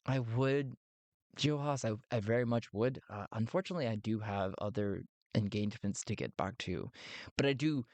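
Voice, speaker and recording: A man voicing a nervous, overly formal male smuggler who speaks haltingly. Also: lowish voice, a little mellow, dry recording, voice pushed down, natural voice. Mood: polite.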